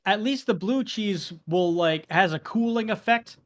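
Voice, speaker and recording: A young adult man, co-hosting a podcast in casual chat, acting out the exchanges he tells with lively feeling. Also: high-pitched, a little slow. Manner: animated storytelling, acts out quoted exchanges. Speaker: podcast co-host.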